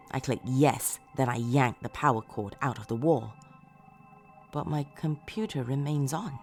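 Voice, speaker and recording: A woman narrating a first-person horror story in a dramatic, expressive way, moving between hushed lines and shouts. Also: rumbling low, normal speed, faint music behind.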